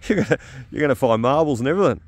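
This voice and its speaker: A man's voice: mid-range voice, expressive, fast. A middle-aged Australian man with an upbeat, chatty manner and lots of 'uh' fillers, talking outdoors at an old house site as a metal detecting vlogger. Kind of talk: casual outdoor commentary.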